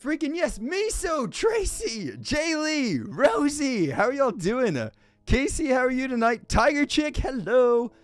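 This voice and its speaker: A man hosting a live stream, greeting viewers by name in a lively, exclaiming way and chatting casually. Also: very high-pitched, measured pace, dry recording. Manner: energetic, greets chat by name with loud exclamations. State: a little winded.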